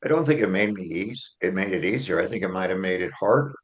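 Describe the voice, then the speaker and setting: A man's voice: deep voice, lively intonation, fast talker. A man, an author and attorney, being interviewed, explaining his argument step by step and checking in with "okay?". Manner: earnest, builds a case step by step with "okay?" check-ins.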